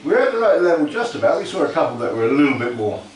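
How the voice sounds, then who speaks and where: A man, a dog breeder, casually explaining puppy handling while talking softly to the pups. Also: on the high side, very animated, racing, distant mic. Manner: talks softly to puppies between explanations. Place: kennel with puppies. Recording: roomy, from off-mic, with crowd noise.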